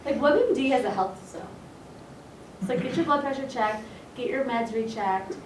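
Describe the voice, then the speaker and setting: In an echoey meeting room, a woman chiropractor gives a casual, chatty seminar talk to colleagues, acting out snippets of dialogue. Her voice sits a little high and moves at a normal speed. The distant mic picks up a faint hiss or hum.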